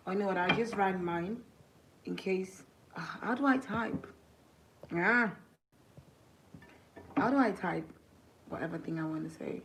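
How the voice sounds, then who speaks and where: A young woman talking to her viewers on a phone livestream, crying as she speaks, halting and grateful. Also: mid-range voice, a little hiss or hum, rough recording.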